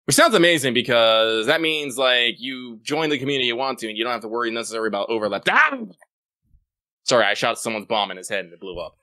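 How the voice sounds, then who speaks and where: A man's voice: mid-range voice, very fast, hardly any pauses, pushed and bright, no echo. A man co-hosting a podcast, reading listener mail and chatting casually, swearing and rambling as he goes. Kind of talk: casual chat.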